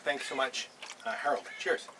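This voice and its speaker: A man's voice: mid-range voice, normal speed, bright, forceful tone, recorded from a distance, slight background noise, rough recording. An older man hosting a casual beer-tasting vlog on a boat in a harbour, easygoing and chatty, chuckling now and then. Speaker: host.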